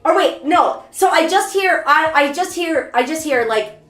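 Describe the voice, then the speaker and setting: A woman streamer telling a story to her chat in a casual, animated, rambling and self-mocking way. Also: high-pitched, measured pace, roomy sound, faint music behind. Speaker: VTuber streamer. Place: bathroom during a bath.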